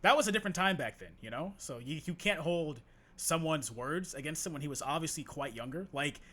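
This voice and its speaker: Quick, bright-voiced young man reacting. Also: on the high side, animated. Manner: laid-back, slangy, addresses viewers directly. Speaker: reaction streamer. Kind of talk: casual commentary on a played clip.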